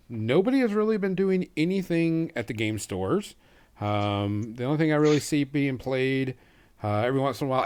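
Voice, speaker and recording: Easygoing man hosting a gaming podcast. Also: medium pitch. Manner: easygoing, hesitant with many ums. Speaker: podcast co-host. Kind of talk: casual chat.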